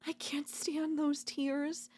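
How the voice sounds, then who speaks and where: A woman voicing a possessive, doting yandere girlfriend in a whispered role-play, talking softly and slowly at a close mic. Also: sits high, level tone. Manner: soft, possessive, doting, slow and lingering. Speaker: voice actor.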